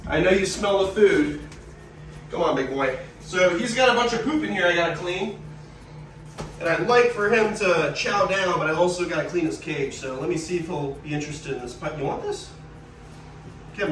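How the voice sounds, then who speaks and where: High-voiced man chatting in an echoey room. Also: slight background noise. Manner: upbeat, chatty, gushing over animals. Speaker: wildlife keeper and show host. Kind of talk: casual vlog talk to camera. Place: animal enclosures at a wildlife park. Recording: roomy echo with faint ambience.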